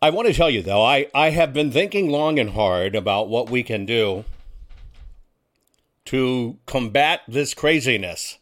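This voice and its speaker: In an unhurried, animated delivery, this male talk show host gives a casual monologue, turning to the crowd with rhetorical questions in a folksy, combative style. His voice is fairly bright and sits in a normal middle range.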